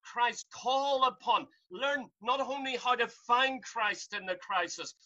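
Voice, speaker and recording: A man's voice: extremely high pitch, slow pace, sharp tone, highs cut off. A man preaching a sermon from home over a video call, fervent and pleading, rising to cries.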